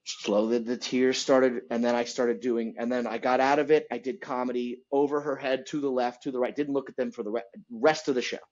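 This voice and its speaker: A middle-aged man, a comedian, telling stories in a lively podcast chat and acting out the people in them. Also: medium pitch, brisk, few pauses, highs cut off. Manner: animated, acts out voices. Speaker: comedian guest. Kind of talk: storytelling in casual chat.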